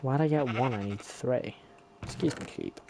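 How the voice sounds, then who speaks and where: Warm and a bit gravelly, a man's mid-range voice carries casual commentary on his own gameplay at a moderate pace. The gameplay streamer's chatty self-talk has slight background noise.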